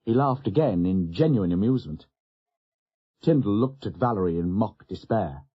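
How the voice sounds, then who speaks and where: A man narrating an audiobook in a steady, even storytelling manner. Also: fairly low pitch, normal speed, husky, highs cut off. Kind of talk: scripted narration.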